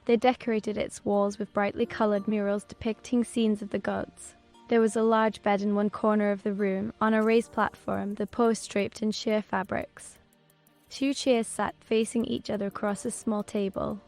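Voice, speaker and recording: Woman narrating in an even, flat tone. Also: medium pitch, moderate pace, creaky. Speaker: audiobook narrator. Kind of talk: scripted narration. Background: soft background music.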